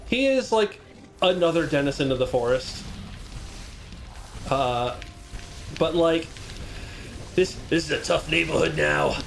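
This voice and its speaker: A man's voice: on the high side, unhurried, vocal fry, pauses often, slight background noise. A man playing a game on a charity stream, casually explaining the game's mechanics and lore with many fillers. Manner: relaxed, explanatory, filler-heavy.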